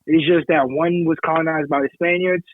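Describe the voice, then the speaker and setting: A man's voice: on the high side, steady tone, fairly quick, slight background noise. Man on a tinny line. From Haiti. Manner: self-assured, explains at length. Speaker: podcast co-host. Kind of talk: casual podcast chat. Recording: tinny phone-like sound.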